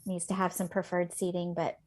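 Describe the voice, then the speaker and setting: A woman's voice: fairly low pitch, monotone, fairly quick, noisy background. A woman teacher co-hosting a podcast who tells heartfelt classroom stories in a chatty way, with many fillers. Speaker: elementary teacher, podcast co-host. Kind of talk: casual podcast chat.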